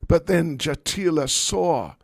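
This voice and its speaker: A man, a spiritual teacher, telling a story in a class, animated and wryly humorous. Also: fairly high pitch, takes it slowly, creaky, dry recording, studio quality.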